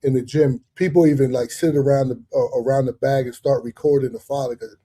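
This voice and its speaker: A man hosting a live boxing chat, telling lively, profane stories full of fillers and restarts. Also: mid-range voice, a little fast, breathy edge. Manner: animated, profane storytelling with many fillers. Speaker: live show host. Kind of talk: casual storytelling chat.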